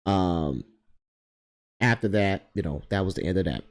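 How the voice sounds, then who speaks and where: A man's voice: sits low, a little slow. A man casually telling a personal story, rambling, circling back and repeating himself as he goes.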